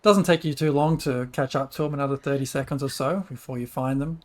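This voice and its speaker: A casual game master narrates a tabletop session with a middle-pitched voice. The delivery is loose and chatty, with laughter often slipping in between descriptions. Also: steady tone, fairly quick.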